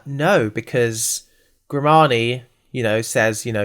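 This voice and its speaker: A man's voice: mid-range voice, slow pace, a bit bright. A man co-hosting a podcast, chatting casually and rambling through a show recap with lots of asides and jokes. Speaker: podcast co-host. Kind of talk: casual chat recapping a TV series.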